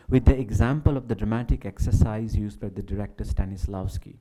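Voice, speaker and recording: A man reading a prepared academic talk at a symposium, with a measured, declamatory delivery. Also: mid-range voice, dark tone, rough recording. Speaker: academic speaker. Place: symposium hall.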